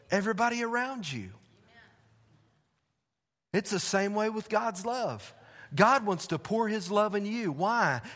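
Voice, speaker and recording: A pastor with a drawl and a high-pitched voice preaches a sermon in a church sanctuary, animated and conversational, with playful asides. Long hall reverb colors the recording.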